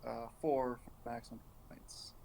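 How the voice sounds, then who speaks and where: Man calmly declaring his game moves. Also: medium pitch, measured pace, creaky, slight background noise, poor audio. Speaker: player. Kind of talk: casual tabletop play.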